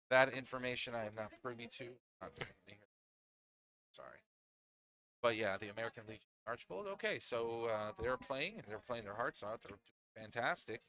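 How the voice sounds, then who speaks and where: Chatty bright-voiced pool commentator man. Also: mid-range voice, normal speed. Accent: Northeastern Pennsylvania. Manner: chatty, laughs often, restarts phrases. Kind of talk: live sports commentary.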